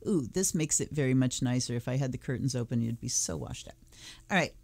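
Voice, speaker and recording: Her voice rumbles low, a little fast and a little mellow, with vocal fry. A tarot channel host, she unboxes a deck and looks through it, thinking out loud in a relaxed, musing way.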